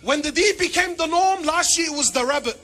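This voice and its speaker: A man preaching a sermon, animated and joking, firing rhetorical questions and mixing in Arabic phrases. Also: very high-pitched, brisk. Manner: peppers speech with Arabic phrases. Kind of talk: sermon to a congregation.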